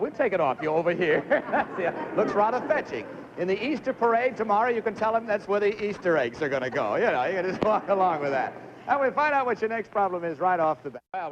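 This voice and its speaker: Man, game show host, chatty and joking, coaxing contestants, very lively pitch, dull old broadcast sound. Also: a little hiss or hum. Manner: chatty, jokey, coaxing contestants through stunts. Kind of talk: live TV game show hosting. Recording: muffled 1950s TV broadcast audio.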